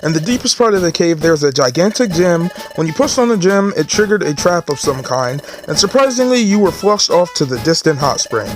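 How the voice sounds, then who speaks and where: A man's voice: a little high, sing-song, a little fast, few pauses, faint music behind. A man voicing a fussy, pompous male bird who serves as a guild assistant, talking in a prim, officious, lecturing way.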